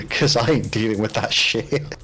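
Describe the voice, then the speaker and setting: A man's voice: medium pitch, fairly bright tone. A British man chatting casually on a hobby painting stream, swearing freely and laughing often. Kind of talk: casual chat on a live stream.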